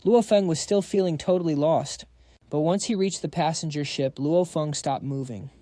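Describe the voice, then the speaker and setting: A man's voice: fairly high pitch, moderate pace, warm tone, no room sound. A man narrating a comic recap in a casual, slangy storytelling voice, reading every part himself.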